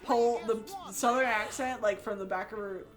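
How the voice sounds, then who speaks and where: A woman's voice: a little high, fairly even intonation, normal speed, music in the background. Young American woman, general accent, gaming co-host, talkative explainer, casual. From United States. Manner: chatty, explains at length with many fillers. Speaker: co-host of a let's play.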